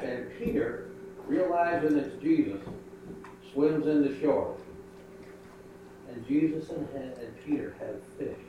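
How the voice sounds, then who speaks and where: An older man, a pastor, telling a folksy children's sermon about his granddaughter. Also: fairly high pitch. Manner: folksy storytelling. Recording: echoey room, mic far off, noisy.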